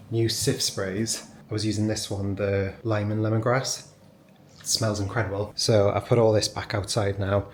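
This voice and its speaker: A chatty young man from England talks casually through a day at home. His voice sits on the low side, with a faint hiss of background noise under it. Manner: chatty, talks to his puppy in a cooing baby voice. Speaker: vlogger. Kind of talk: casual vlog chat.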